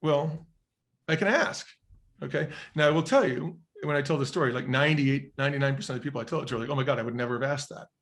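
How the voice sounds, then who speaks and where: A man's voice: medium pitch, fast talker, a bit bright. A middle-aged man speaks as a podcast guest and tells a personal story. His delivery is earnest and reflective. He slips into the voices of the people he quotes. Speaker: interview guest, former restaurant chain executive.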